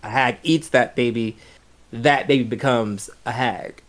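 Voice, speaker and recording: A man's voice: mid-range voice, measured pace. A man running a tabletop game as game master, talking in a loose, rambling, jokey way.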